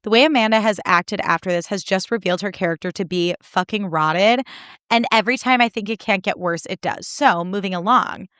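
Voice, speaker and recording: A young woman hosting a solo podcast, recapping reality TV in animated, indignant, sarcastic talk with plenty of swearing. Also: mid-range voice, brisk, dry recording, clean studio sound. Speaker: podcast host.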